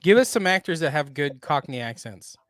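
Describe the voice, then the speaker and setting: A man's voice: a little high, animated, a little fast, no room sound, studio quality, soft background music. A man co-hosting a pop culture podcast, upbeat and prompting the others to talk. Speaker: podcast co-host. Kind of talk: casual pop culture chat.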